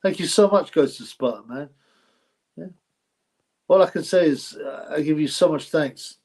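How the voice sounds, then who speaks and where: A man's voice: fairly high pitch, normal speed, a little mellow. A man hosting a casual live stream, rambling, repeating himself, and effusively thanking donors. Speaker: livestream host reading donations.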